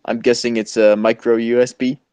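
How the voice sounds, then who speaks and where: A man's voice: mid-range voice, little pitch movement, brisk, a little mellow, smooth, dry recording. Profane rambling man, dry close sound. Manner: profane, rambling storyteller who acts out other people's voices. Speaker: podcast co-host. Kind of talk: casual stoner comedy chat.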